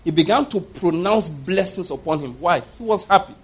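A man's voice: high-pitched, lively intonation, normal speed, breathy edge. A middle-aged man preaching a sermon, telling stories with emphatic repetition. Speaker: pastor.

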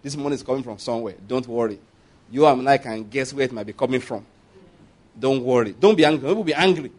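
A man's voice: medium pitch, fast, a little mellow. A man with a Nigerian accent preaching a sermon in a conversational way, asking the congregation for responses and laughing at his own asides.

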